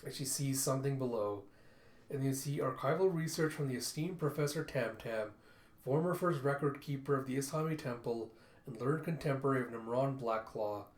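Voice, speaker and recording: A man's voice: mid-range voice, normal speed. A man narrating a comic book read-through in a casual, chatty way. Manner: casual, chatty, repeats "and you see". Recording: roomy echo.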